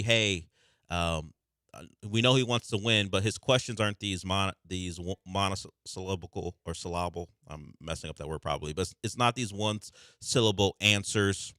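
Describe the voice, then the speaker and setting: A man's voice: deep voice, sharp tone, dry recording, clean studio sound. A man hosting a sports radio show, talking casually and rambling with restarts. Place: radio studio.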